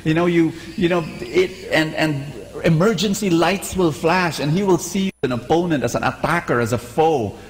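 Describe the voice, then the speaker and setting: A man preaching a sermon, animated and conversational, asking the congregation to repeat after him. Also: fairly high pitch, moderate pace, few pauses, in a large hall, low-quality recording.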